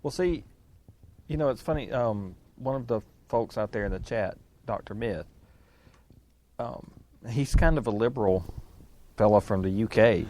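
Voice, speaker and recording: A man's voice: fairly low pitch, normal speed, long pauses, darkish tone. A man co-hosting a political talk radio show, chatty and wry, laughing easily as he talks. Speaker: radio co-host.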